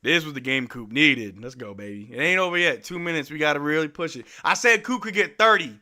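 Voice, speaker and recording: A man hosting a live game watch-along, calling the plays in casual slang and shouting at the players. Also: fairly high pitch, a little fast. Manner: animated, slangy, yells at players. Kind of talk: excited play-by-play fan commentary.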